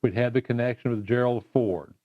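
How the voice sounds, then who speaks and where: An older man recounting past events in a measured way during an oral history interview. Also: medium pitch, fairly even intonation. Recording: muffled lo-fi recording.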